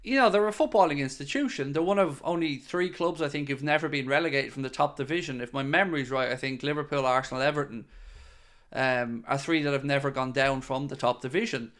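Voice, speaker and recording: A man's voice: mid-range voice, a little fast, fairly bright tone. A man hosting a casual live stream, chatting and answering viewer comments. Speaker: podcast host reading live chat.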